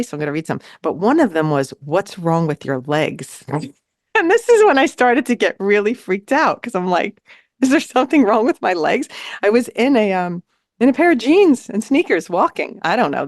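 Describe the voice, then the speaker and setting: A woman co-hosting a podcast in casual chat, telling a story in an animated way and acting out what people said. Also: mid-range voice, no echo, studio quality. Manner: animated, acts out quoted lines. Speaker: podcast co-host. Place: New York City.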